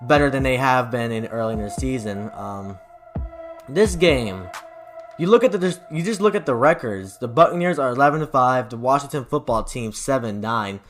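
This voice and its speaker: A man's voice: medium pitch, animated, normal speed, faint music behind. A young man hosting a sports channel, giving casual football predictions in a rambling, offhand way. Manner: rambling, offhand, loose with fillers and restarts.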